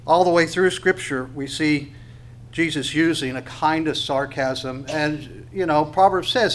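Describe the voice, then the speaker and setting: A man's voice: on the high side, a little slow, fairly bright tone. Man preaching with rhetorical questions. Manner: conversational, with rhetorical questions and tag questions. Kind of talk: sermon.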